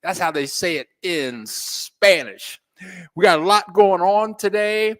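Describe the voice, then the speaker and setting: A man with a fairly high voice hosts a relaxed live stream from home, taking his time as he greets each viewer. His shout-outs are playful and folksy, with an easygoing, chatty delivery. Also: measured pace. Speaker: host of a live stream about living abroad. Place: home in a Mexican city.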